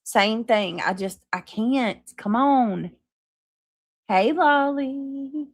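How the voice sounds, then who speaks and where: Talking very slowly in a slightly high voice, a Southern-accented livestream host reads viewer comments and chats casually, swearing freely. No echo is heard.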